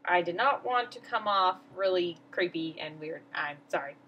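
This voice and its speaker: A woman's voice: on the low side, lively intonation, moderate pace, muffled recording, a little hiss or hum. A teenage girl vlogging, telling a story in a rambling, flustered, self-mocking way. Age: teens. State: emotional. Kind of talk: casual storytelling vlog.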